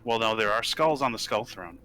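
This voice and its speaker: A man's voice: on the low side, lively intonation, brisk, pushed and bright, low-quality recording. A man playing a tabletop game, chatting casually in a rambling, jokey way.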